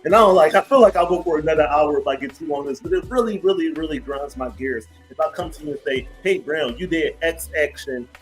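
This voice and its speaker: A man in his thirties hosting a podcast, talking in a casual chat, telling stories with lots of fillers and quick laughs. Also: a little high, faint music behind, low-quality recording. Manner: animated storytelling, laughs easily, many fillers. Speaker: podcast host. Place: home studio with big lights.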